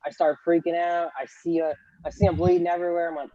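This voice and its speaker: Animated young man telling a story. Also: a little high, fast, no echo, highs cut off. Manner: animated storyteller, acts out quotes, laughs often. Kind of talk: casual chat, storytelling.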